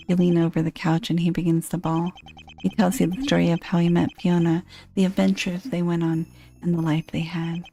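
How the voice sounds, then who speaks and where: A woman reading a dating game's text aloud, with dry, deadpan asides. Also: fairly low pitch, brisk, soft background music.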